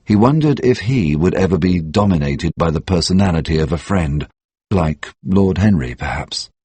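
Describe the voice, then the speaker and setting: A man narrating a story for English learners in a measured, steady way. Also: deep voice, husky, dry recording.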